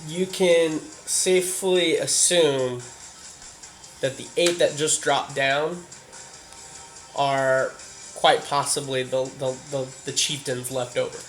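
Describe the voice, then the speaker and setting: A man's voice: medium pitch, fairly even intonation, slow, soft background music. A man narrating as game master of a tabletop role-playing game, rambling with many fillers and restarts.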